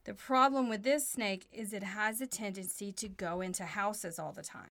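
A woman's voice: mid-range voice, moderate pace, fairly bright tone. A woman co-hosting a home podcast with her child, chatting casually and asking simple questions to draw him out. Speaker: podcast co-host and mother. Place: playroom at home.

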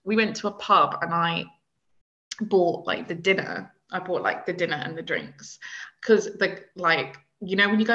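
A woman's voice: fairly low pitch, moderate pace, pushed and bright. A young British woman chatting casually on a podcast, hesitating with many fillers. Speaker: podcast co-host. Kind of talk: casual chat. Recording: dull lo-fi sound.

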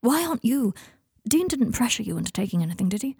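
A woman reading fiction aloud, voicing a sober, guarded young man who gives short, flat replies. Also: a little high, quick pace, creaky, slightly rough, dry recording, studio quality, voice pushed up, heavily acted.

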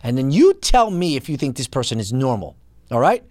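A man's voice: mid-range voice, very animated, brisk, darkish tone, no echo. A man hosting a podcast, ranting in an indignant, incredulous and mocking way. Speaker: podcast host. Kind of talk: ranting commentary.

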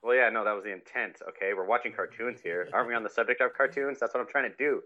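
A man co-hosting a casual cartoon chat, jokey and quick to slip into silly voices. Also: fairly low pitch, pushed and bright. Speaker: podcast co-host. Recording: dull lo-fi mic.

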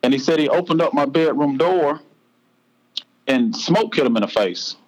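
Earnest Southern man, slightly high voice. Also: lively intonation, moderate pace, rough recording. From North Carolina, US. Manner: earnest, heartfelt, casual Southern speech. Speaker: podcast guest. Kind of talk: personal storytelling.

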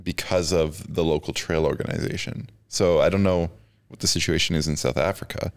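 A man's voice: deep voice, steady tone, fairly quick, smooth. A man co-hosting a podcast in casual chat, easygoing and dry. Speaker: podcast co-host.

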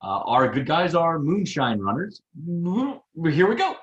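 A man co-hosting a casual movie review podcast, jumping in with quick interjections and fact checks. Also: on the high side, big pitch swings, a bit bright, dull audio. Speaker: podcast co-host. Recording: echoey room.

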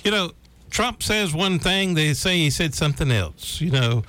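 A man's voice: a little high, animated, sharp tone. A man chatting casually about politics on a talk show, folksy and repetitive, often drawing out his words. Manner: folksy, repeats himself, drawn-out phrasing.

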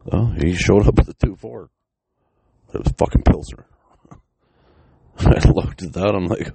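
A man in his thirties tells a personal story in a loose, profane way, chuckling as he goes. His voice sits extremely low, with a dark, mellow tone and a husky edge to it. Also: measured pace, long pauses. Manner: profane, laughs between lines.

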